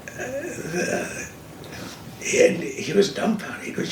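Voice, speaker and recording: A mid-range, measured voice comes from an older man, a guest who commentates racing on TV, telling stories emphatically and with animation in a casual fireside chat. The mic is distant in an echoey room, with faint hiss.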